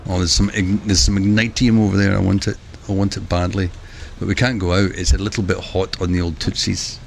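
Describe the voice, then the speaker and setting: A man giving chatty live commentary while streaming a video game, breaking into excitable exclamations. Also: low-pitched, fairly quick, vocal fry, a little hiss or hum.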